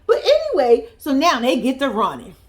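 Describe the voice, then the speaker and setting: Young female vlogger, high and very animated, profane and laughing, casual reaction commentary. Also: moderate pace.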